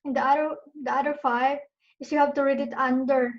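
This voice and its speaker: A woman's voice: sits high, little pitch movement, a little fast. A woman student answering in an online lesson, hesitant and searching for words. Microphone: video call. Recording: dull video-call audio.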